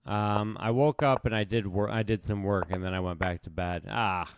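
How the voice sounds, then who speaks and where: A man's voice: fairly low pitch, steady tone, moderate pace, noisy background. A man streaming chess live, thinking aloud as he plays in a casual, self-mocking way. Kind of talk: casual live game commentary.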